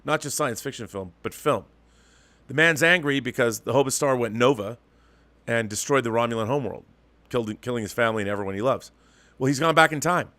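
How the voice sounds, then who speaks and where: Male host, mid-pitched, emphatic ranting commentary, dry close-miked sound. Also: bright, forceful tone, no echo. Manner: emphatic, ranting, with frequent restarts. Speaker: show host. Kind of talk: opinionated commentary monologue.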